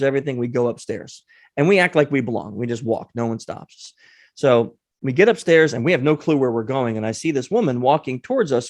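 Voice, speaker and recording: Man telling a lively story, dry sound. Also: medium pitch, dry recording. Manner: lively anecdote teller acting out the people in his story. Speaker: guest. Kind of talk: animated storytelling.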